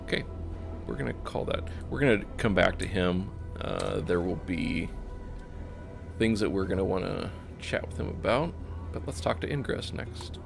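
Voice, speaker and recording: A man narrating a game, reading its text aloud in a calm, steady way. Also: sits low, moderate pace, creaky. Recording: faint music behind.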